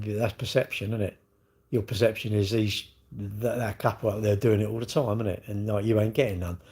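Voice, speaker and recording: A man's voice: lowish voice, darkish tone. A man, rambling in casual livestream chat and answering viewers' comments with lots of tag questions. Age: 60s. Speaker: livestream host.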